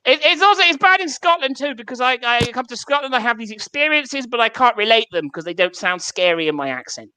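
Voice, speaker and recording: English man, stand-up comic, bright voice, profane, self-mocking, video call. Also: very high-pitched, lively intonation, quick pace, few pauses, smooth, dry recording. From England. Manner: swearing, self-mocking, laughs at own jokes. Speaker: stand-up comedian.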